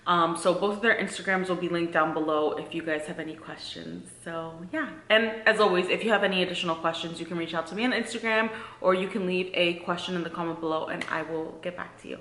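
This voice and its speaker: A woman's voice: on the low side, steady tone, fast talker, few pauses, fairly bright tone. A woman in her thirties chatting to camera in a casual vlog, earnest and talkative, full of "like" and "um". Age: 30s. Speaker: vlogger. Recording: echoey room.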